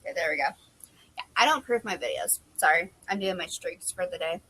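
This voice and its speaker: A young woman chatting casually and rambling on her front porch, a little hoarse from losing her voice. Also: on the low side, expressive, brisk, pushed and bright, low-quality recording. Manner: chatty, rambling, self-deprecating. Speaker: book vlogger. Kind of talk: casual chat. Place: covered front porch outdoors. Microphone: phone camera.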